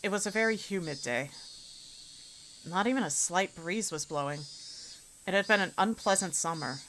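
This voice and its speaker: A woman streamer reading a visual novel aloud, keeping the narration even and breaking into casual, expressive asides. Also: on the low side, moderate pace, a little hiss or hum.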